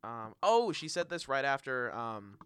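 Excitable young man, bright crisp voice. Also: mid-range voice, unhurried. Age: young adult. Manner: excitable, laughs often, repeats words. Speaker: podcast host. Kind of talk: casual chat.

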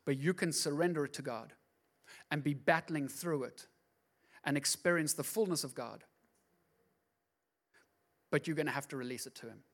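A man preaching a sermon as a pastor, swinging from hushed asides to loud, driving repetition. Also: a little high, moderate pace, pauses often. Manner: repeats words for emphasis.

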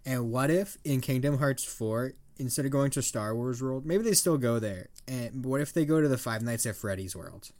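This podcast co-host, a man in his twenties, talks at normal speed with hardly any pauses in a slightly mellow, mid-range voice. His casual chat is full of rambling stories, frequent laughs, and casual swearing.

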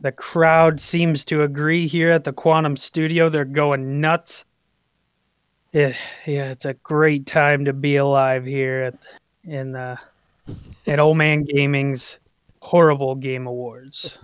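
A man co-hosting a gaming podcast, reading out award results in an easygoing, measured way. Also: a little high, little pitch movement, clear, resonant tone, no echo. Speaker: podcast co-host. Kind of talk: casual chat, mock award-show announcing. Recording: slightly dull, dry podcast audio.

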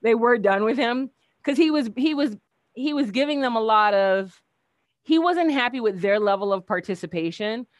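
Woman guest, fairly high voice, lively chatty storyteller who acts out the quotes, dry close sound. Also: normal speed, dry recording. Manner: animated, acts out quoted dialogue, laughs often. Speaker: keynote speaker, guest. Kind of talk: casual storytelling chat.

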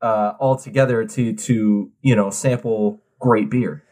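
A man's voice: lowish voice, fairly even intonation, measured pace, mellow. A man co-hosting a podcast in casual chat, upbeat and playful, with filler-heavy restarts. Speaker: podcast co-host.

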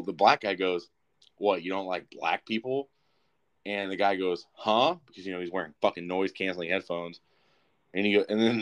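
A young man co-hosting a casual talk show, telling a rambling, profane story in an animated way. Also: low voice. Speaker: podcast co-host.

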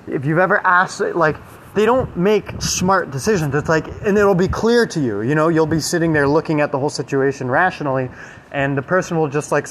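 A man's voice: a little high, slight background noise, low-quality recording. A man giving a casual motivational talk, rambling with many fillers and asking "right?" again and again. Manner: rambling, filler-heavy, keeps checking with "right?". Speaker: self-help speaker.

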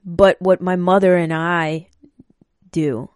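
Woman rambling emotionally, swears a lot, kinda low voice, dry close mic. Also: fairly even intonation, slow, a little mellow, no echo. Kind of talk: casual personal talk.

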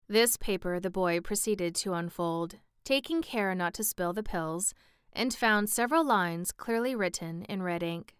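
A woman narrating a children's storybook aloud in a steady, even storytelling manner. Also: lowish voice, clean tone, dry recording, clean studio sound. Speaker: audiobook narrator. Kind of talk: scripted narration.

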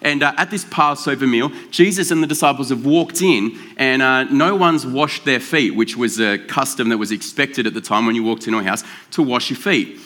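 A man preaching a sermon in a relaxed, joking, conversational way, slowing down to stress key words. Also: medium pitch. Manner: conversational and joking, with drawn-out emphasis. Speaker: pastor. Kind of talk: casual sermon.

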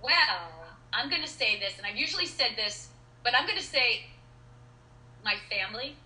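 A middle-aged actress chatting as an interview guest, telling stories in an animated way with many restarts and fillers. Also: female voice, fairly high pitch, normal speed. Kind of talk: casual interview chat. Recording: roomy echo.

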